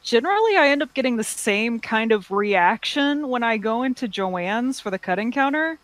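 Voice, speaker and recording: Relaxed woman in a dry room. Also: on the high side, moderate pace, dry recording. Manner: relaxed, storytelling with asides. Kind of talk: casual chat about cosplay.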